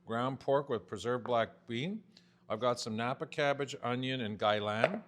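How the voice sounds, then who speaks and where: A man's voice: mid-range voice, a little slow, fairly bright tone. A man in his fifties, a chef giving a chatty, joking cooking demonstration. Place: home-style kitchen. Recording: kitchen clatter of pans and cutlery.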